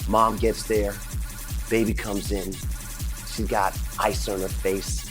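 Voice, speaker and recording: A man's voice: lowish voice, level tone, slow pace, over music. A middle-aged man, a dentist telling a dramatic family story with lots of quoted dialogue. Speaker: dentist and host. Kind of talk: animated storytelling.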